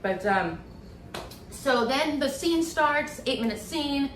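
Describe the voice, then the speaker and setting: A woman guest telling her story in a candid, animated way, acting out voices with many fillers. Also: sits high, takes it slowly, slight background noise. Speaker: interview guest, former acting student. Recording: echoey room, voice from a distance.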